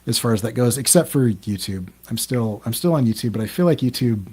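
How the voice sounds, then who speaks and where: A man's voice: mid-range voice, animated, a little fast, warm tone, slightly rough. A man co-hosting a podcast in casual group chat, talking in a rambling way with many ums and restarts. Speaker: podcast co-host.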